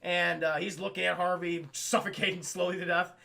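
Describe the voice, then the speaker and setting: A man's voice: high-pitched, little pitch movement, fairly quick, gravelly, bright, forceful tone. A man casually recapping a cartoon on a live stream, rambling and swearing as he talks straight to his chat. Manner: rambling, profane, addresses chat.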